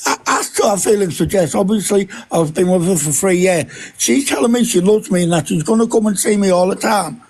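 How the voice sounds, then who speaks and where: A man's voice: sits high, a little fast, a little mellow, breathy edge. A middle-aged man arguing defensively on a live stream, swearing and insisting he is telling the truth. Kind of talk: heated live-stream argument.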